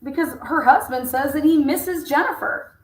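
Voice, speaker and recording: Woman, higher-pitched voice, casual true-crime commentator; blunt and foul-mouthed, reads messages aloud, roomy sound. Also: normal speed. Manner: blunt and profane, talks to herself. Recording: roomy echo.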